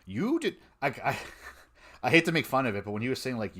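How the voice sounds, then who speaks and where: A man hosting a fan podcast, chatting casually and excitedly, with frequent laughs and fillers. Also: medium pitch, fairly quick. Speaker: podcast host.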